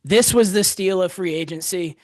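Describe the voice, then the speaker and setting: Quick-talking young man, sports podcast host. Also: high-pitched, darkish tone, no room sound, studio quality. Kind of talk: casual sports podcast chat.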